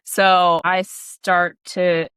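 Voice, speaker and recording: A woman's voice: lowish voice, level tone, extremely slow, a bit bright, clean tone, dry recording, clean studio sound. A woman co-hosting a podcast, talking in a reflective, coaching way with casual fillers. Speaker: podcast co-host. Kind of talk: casual chat.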